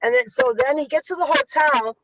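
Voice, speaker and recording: A woman's voice: high voice, brisk, fairly bright tone, no echo, poor audio. A woman guest author telling stories energetically in an interview, words tumbling out and running over the host. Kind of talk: animated interview storytelling.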